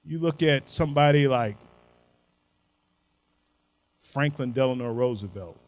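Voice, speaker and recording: A man's voice: medium pitch, unhurried, rough recording. An older man giving a motivational keynote speech in a folksy, emphatic way, driving home short maxims. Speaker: keynote speaker.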